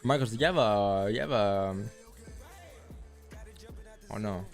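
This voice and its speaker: A man's voice: fairly low pitch, takes it slowly, soft background music. Laid-back man talking through charts. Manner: laid-back, thinking aloud with fillers. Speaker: forex trading stream host. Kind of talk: casual chat and live chart analysis.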